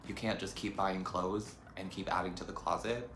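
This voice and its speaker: A young lifestyle vlogger talks casually to camera in a low voice with fairly even intonation and a moderate pace. His chat is full of trendy slang and "like" fillers. The room is echoey, with faint background music and slight background noise.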